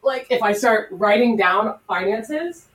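A woman's voice: medium pitch, a little slow, recorded from a distance, low-quality recording. Chatty woman, slightly off-mic. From Florida. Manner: chatty, animated storytelling. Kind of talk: casual chat. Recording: voice from farther off the mic.

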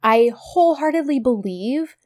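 A woman's voice: sits high, animated, moderate pace, darkish tone, no room sound, clean studio sound. A woman co-hosting a podcast, chatting casually as she recaps scenes and acts out quotes with laughs. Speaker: podcast co-host. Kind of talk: casual chat recapping a TV series.

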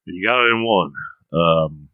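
A man's voice: low voice, animated, normal speed, no echo, phone-quality sound. A man playing his character in a tabletop game, answering politely with a wry edge. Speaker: player.

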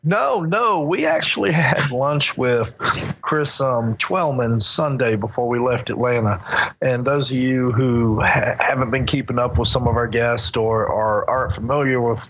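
Gravelly easygoing convention host. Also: male voice, mid-range voice, measured pace, a bit bright, low-quality recording. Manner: easygoing, rambling with restarts and chuckles. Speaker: convention organizer and podcast co-host. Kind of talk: casual podcast chat.

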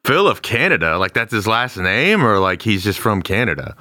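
Guy player in a tabletop rpg, brash and cussing, pitch jumps all over, dry mic. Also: normal speed, no echo. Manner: lively, swears, pushy ex-FBI bravado in character. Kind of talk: in-character tabletop role-play.

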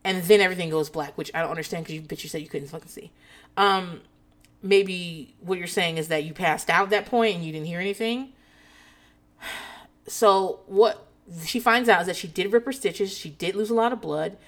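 A woman's voice: fairly low pitch, moderate pace. A woman in a rambling, casual chat, sarcastic and heavy on profanity.

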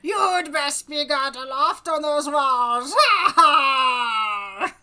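A woman putting on the voice of a menacing male rat warlord, in a drawn-out, hoarse villain drawl. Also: high-pitched, lively intonation, sharp tone, pitched above the performer's own voice, heavily acted.

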